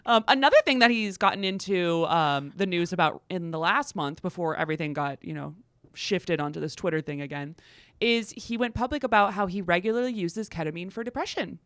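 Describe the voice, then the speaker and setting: A young woman trades sarcastic, profane banter as a podcast co-host, laughing often. Her voice is bright and forward. The sound is dry and close. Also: fairly low pitch, fairly quick, dry recording. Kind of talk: casual chat.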